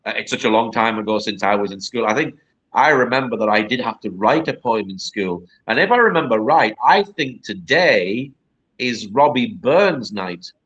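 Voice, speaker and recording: Brief: rambling male guest from northern England, bright tense tone, lo-fi call audio. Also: medium pitch, expressive, normal speed, husky. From northern England, near the Scottish border. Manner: chatty, rambling, repeats words for stress. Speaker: poet and guest. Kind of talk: casual interview chat. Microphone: video call. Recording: lo-fi streamed video call.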